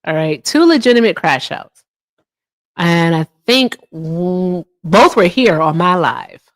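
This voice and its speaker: Chatty woman hosting a political livestream. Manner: chatty, reads viewer comments aloud, swings into high teasing tones. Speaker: livestream host. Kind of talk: casual political livestream chat.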